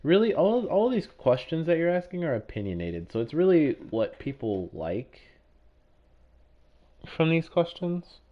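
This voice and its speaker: In a muffled recording, a man with a fairly high, sing-song voice livestreams a game at an unhurried pace. He chats casually and answers questions from his chat, but swears angrily at other players.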